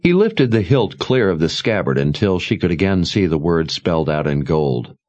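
Deep male audiobook narrator, slow and expressive; dry, slightly dull recording. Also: no echo. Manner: expressive storytelling. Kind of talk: scripted narration.

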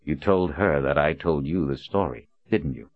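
An earnest, gentle young man in an audiobook, voiced by a man with a deep, quiet and sincere delivery. The recording is dry and muffled. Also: moderate pace, dry recording. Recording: dull lo-fi recording.

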